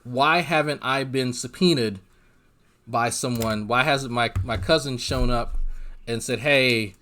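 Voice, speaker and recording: A man's voice: medium pitch, measured pace, pushed and bright. A man giving livestream drama commentary, ranting in a profane, rambling and sarcastic way, with lots of restarts and fillers. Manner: exasperated, sarcastic.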